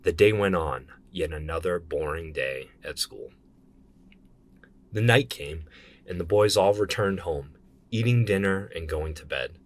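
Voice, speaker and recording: A man reading a horror story aloud in a steady storytelling manner. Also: low voice, measured pace. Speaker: narrator.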